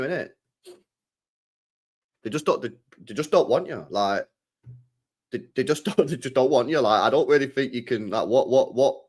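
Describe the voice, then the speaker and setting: A young man, chatting casually about football transfer news, animated, repeating himself and swearing often. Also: mid-range voice. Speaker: football fan channel host.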